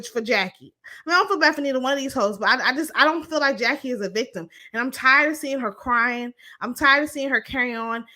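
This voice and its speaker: Young woman, recap vlogger: sassy, blunt, profane, with a bright, slightly high voice. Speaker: reality TV recap commentator. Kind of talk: casual opinionated recap.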